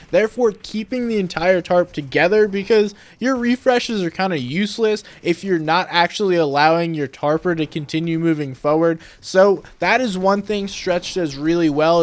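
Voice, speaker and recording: A young man with a high, light voice talks through gameplay footage in a voice-over. His delivery is steady and analytical, like a coach breaking down a match for viewers. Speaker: video creator and game analyst. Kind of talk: explanatory game commentary voice-over.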